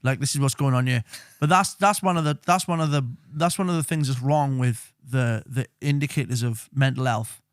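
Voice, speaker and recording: A man's voice: medium pitch, brisk, no echo, studio quality. A man, co-hosting a podcast in casual, joking chat full of swearing. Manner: swearing, joking, slips into impressions. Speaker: podcast co-host.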